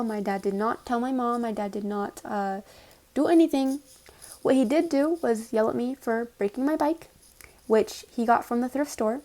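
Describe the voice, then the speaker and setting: A woman's voice: fairly high pitch, a little mellow. Sarcastic young woman telling a story. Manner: sarcastic, swears freely. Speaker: vlogger. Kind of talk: casual storytime vlog.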